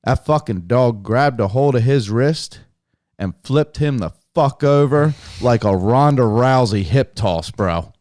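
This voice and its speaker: A young man telling a hunting story casually on a podcast, animated and heavily profane. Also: medium pitch, unhurried, no room sound, studio quality. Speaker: podcast guest, hunter.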